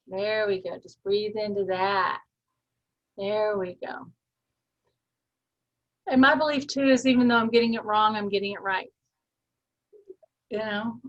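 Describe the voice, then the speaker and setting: A woman with a Texas twang hosting a coaching call, riffing free form with deadpan humor and frequent laughs. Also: medium pitch, slow, long pauses, highs cut off. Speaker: host, personal growth coach.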